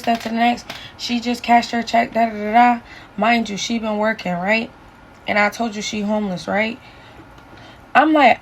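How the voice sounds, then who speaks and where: Animated young woman telling a story. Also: medium pitch, slight background noise, poor audio. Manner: animated, profane, acts out quotes. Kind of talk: casual storytelling.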